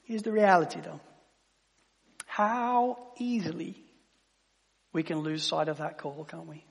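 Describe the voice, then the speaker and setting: A man preaching a sermon in a conversational way, sometimes dropping to a hush. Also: fairly high pitch, steady tone, a little slow, vocal fry, breathy edge. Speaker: pastor. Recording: long hall reverb.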